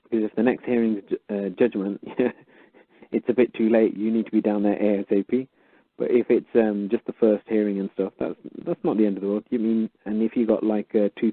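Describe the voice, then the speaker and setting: A man telling stories as a guest on a call-in show, acting out the conversations with sudden jumps up in pitch. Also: no room sound. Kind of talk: casual storytelling, acting out conversations. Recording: tinny phone line.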